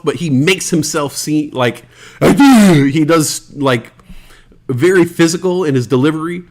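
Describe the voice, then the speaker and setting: Loose, rambling American man. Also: medium pitch. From United States. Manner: loose, rambling, swears freely. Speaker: podcast host. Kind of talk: casual solo podcast chat, reading listener comments.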